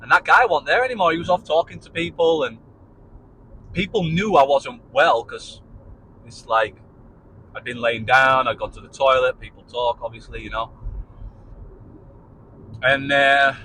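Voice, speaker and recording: A man talks straight to camera in a relaxed, rambling storytelling style. His voice is bright and forward, his pitch sits in a normal middle range, and there is a faint hum of background noise. He often restarts his sentences and swears now and then. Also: moderate pace, pauses often, low-quality recording. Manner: loose and chatty, with frequent restarts and swearing. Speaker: vlogger telling his own story. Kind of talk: casual spoken storytelling.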